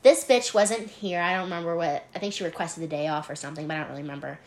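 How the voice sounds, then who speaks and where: A woman's voice: on the low side, rapid-fire. A young woman co-hosting a casual podcast, telling a work story with lots of swearing and laughter. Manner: animated, swears freely, laughs while telling. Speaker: podcast co-host, hotel front desk worker.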